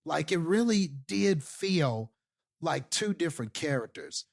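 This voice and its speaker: A man's voice: a little high, very animated, unhurried, creaky. A man co-hosting a casual movie review podcast, enthusiastic and rambling, with many fillers and restarts. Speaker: podcast co-host.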